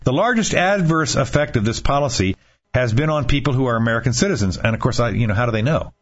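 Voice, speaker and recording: Guy hosting talk radio, husky voice that jumps all over, kinda muffled lo-fi sound. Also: mid-range voice, expressive. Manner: rambling, joking, halting restarts. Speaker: radio talk show host. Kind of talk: casual talk radio banter. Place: radio studio in Florida.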